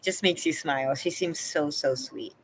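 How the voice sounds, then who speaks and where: A woman's voice: sits low, normal speed, a little hiss or hum, rough recording. A woman hosting a live stream from home, chatting casually and answering her viewers by name. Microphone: laptop.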